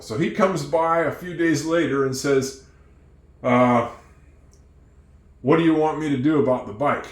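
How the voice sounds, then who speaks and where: A man teaching English who tells a moral story, acting out its characters with lively changes of voice. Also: a little high, a little slow, pauses often, roomy sound. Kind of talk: storytelling lesson.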